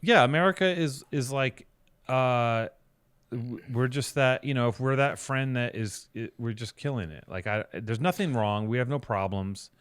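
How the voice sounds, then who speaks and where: A man's voice: mid-range voice, moderate pace, a bit bright, clear, resonant tone, dry recording. A man co-hosting a podcast, chatting casually and telling rambling, sarcastic stories with plenty of swearing. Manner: rambling, sarcastic, profane storytelling. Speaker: podcast co-host. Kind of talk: casual chat.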